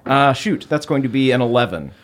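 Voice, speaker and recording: A man's voice: medium pitch, expressive, a little fast, slight background noise. A man playing in a tabletop game, chatty and jokey, with hesitant fillers. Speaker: player. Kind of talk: casual game play chat.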